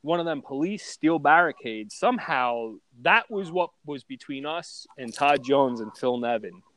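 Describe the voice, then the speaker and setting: A man telling loud, profane stories in a casual podcast chat. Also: on the high side, moderate pace. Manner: loud, profane, animated storyteller. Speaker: guest storyteller.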